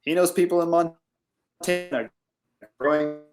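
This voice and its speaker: Music plays in the background as the farmer, a man with a fairly high voice and fairly even intonation, speaks a little slowly over a remote call. He rambles casually with plenty of "like" fillers.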